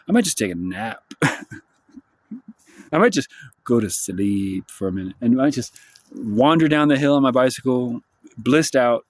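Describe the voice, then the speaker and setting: Male vlogger, rambling and sardonic, swears freely, mid-pitched voice. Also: darkish tone, husky. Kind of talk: rambling monologue vlog. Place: outdoors in the sunshine.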